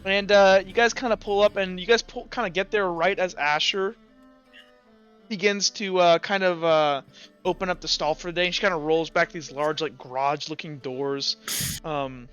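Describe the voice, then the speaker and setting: A man's voice: sits high, fairly even intonation, normal speed, a bit bright, clean tone, highs cut off, soft background music. A man narrating as game master of a tabletop game, rambling with many fillers.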